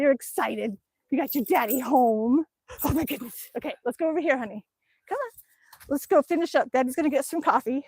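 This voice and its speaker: Brief: chatty, gushing Alaskan woman, high voice, dry close phone sound, livestreaming outdoors while exercising. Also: dry recording. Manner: pedaling an exercise bike while talking. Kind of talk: casual livestream chat. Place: outdoors by her home. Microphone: cell phone on a stand.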